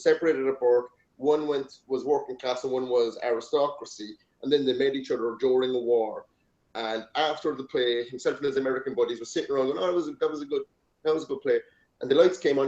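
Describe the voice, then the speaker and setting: A man's voice: medium pitch, darkish tone. Rambling Irish man in an echoey room. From Ireland. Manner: rambling, anecdotal, swears casually. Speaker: podcast host. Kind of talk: casual chat. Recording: echoey, dull lo-fi room sound.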